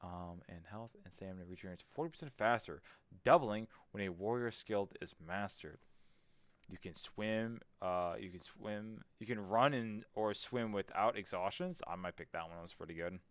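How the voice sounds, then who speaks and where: Guy streaming a game, deep smooth voice, talks to himself, reads menus out, swears a bit, dry close mic. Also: moderate pace, dry recording. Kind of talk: casual let's-play commentary.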